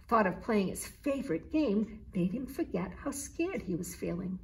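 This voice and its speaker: A woman author reading her children's picture book aloud, in a slow, clear storytelling manner. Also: mid-range voice, animated.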